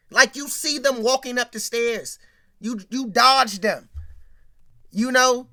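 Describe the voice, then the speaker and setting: A commentator recapping an old sitcom episode in a casual, slangy, rambling way, talking straight to the audience and growing more animated when retelling scenes. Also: medium pitch.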